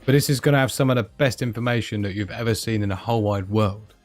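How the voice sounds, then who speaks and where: A man's voice: lowish voice, steady tone, fast talker, faint music behind. A man hosting a casual live stream, rambling and giggly with lots of fillers.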